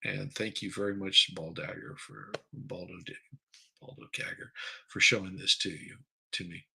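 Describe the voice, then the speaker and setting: A man's voice: low-pitched, flat delivery, moderate pace, creaky, sharp tone, rough recording. A man hosting a live stream, chatting casually and crudely, rambling while he reads viewer comments aloud. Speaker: livestream host.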